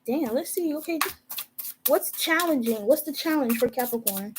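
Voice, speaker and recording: A woman's voice: high voice, expressive, normal speed, noisy background. A young woman giving a casual, profane tarot reading, talking straight to her viewers. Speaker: tarot reader.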